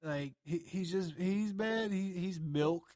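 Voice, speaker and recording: A man co-hosting a podcast, talking in a rambling, profane and animated way. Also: high voice, takes it slowly, no room sound, studio quality. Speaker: podcast co-host. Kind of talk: casual chat.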